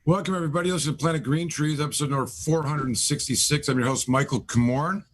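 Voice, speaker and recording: A man's voice: a little high, fast, a little hiss or hum. A middle-aged man from Michigan, an attorney hosting a live talk show, rambling through introductions with many fillers. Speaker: host, attorney.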